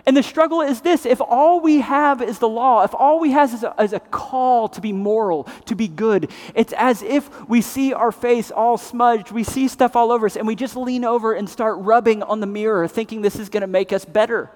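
A man preaching a sermon as pastor, swinging between loud emphatic passages and hushed, grave ones. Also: extremely high pitch, moderate pace, hardly any pauses. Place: church sanctuary. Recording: long reverb of a large hall.

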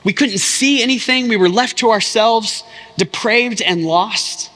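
Pastor, male, 30s, earnest and chatty from the pulpit, bright tenor, big church hall reverb. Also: sits high, unhurried. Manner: impassioned, conversational, lots of "like" asides. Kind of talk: sermon.

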